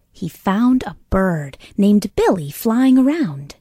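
A woman reading a children's bedtime story aloud, narrating slowly and often in a soft half-whisper. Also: medium pitch, sing-song, a little hiss or hum.

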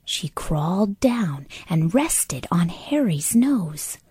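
A woman reading a children's bedtime story aloud, narrating slowly and often in a soft half-whisper. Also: fairly low pitch, very animated, breathy edge, no echo, studio quality.

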